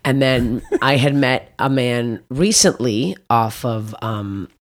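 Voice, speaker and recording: A woman from Canada, a comedian guest, telling blunt, profane stories in casual podcast chat with lively quoted dialogue. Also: very deep voice, slow.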